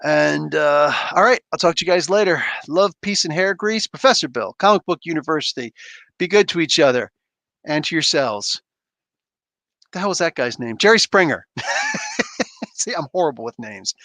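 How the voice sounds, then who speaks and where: A man's voice: on the high side, huge pitch swings, moderate pace, creaky, fairly bright tone, no room sound. A man hosting a livestream, chatting casually and reading viewer comments aloud, often laughing and poking fun at himself. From Canada. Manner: laid-back, laughs often, self-deprecating. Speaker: livestream host.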